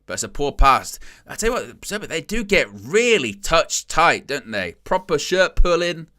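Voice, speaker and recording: Bright-voiced man commentating a match. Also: on the high side, normal speed. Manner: chatty, wry, bursts into loud excitement at chances. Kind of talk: casual live match commentary.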